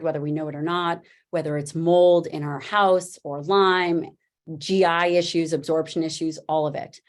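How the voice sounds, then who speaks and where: An American woman, a physician, giving a lively slide presentation and telling stories in an emphatic style with frequent asides. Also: on the low side. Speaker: physician giving an online talk.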